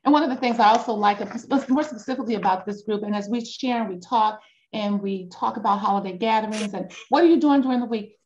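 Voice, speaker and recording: A woman facilitating a grief support group over a video call, speaking encouragingly and pausing often with ums. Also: medium pitch, darkish tone, dull audio, slight background noise. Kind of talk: group discussion.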